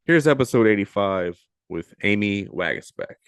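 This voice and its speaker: A man's voice: lowish voice, animated, moderate pace, vocal fry, smooth, no echo, clean studio sound. A man in his thirties hosting a podcast, opening with a rambling, giggly, profane and self-deprecating solo chat. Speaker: podcast host. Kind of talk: casual solo intro.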